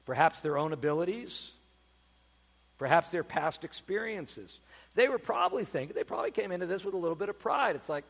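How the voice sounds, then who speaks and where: A man preaching a sermon as pastor, emphatic and animated, with dramatic pauses. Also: high-pitched, slightly rough, in a large hall.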